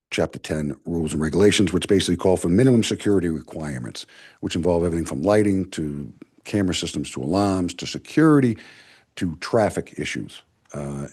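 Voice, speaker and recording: Older Boston-accented man, very low husky voice, mumbles through public comment with many fillers. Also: darkish tone. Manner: mumbling, halting with frequent uh fillers. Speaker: security consultant at public comment. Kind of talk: public comment at a town meeting.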